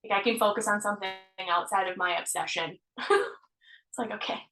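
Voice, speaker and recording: A woman, a healer, talking as a podcast guest in an earnest, animated way, laughing often and swearing now and then. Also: medium pitch, normal speed. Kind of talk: casual conversation. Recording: roomy echo.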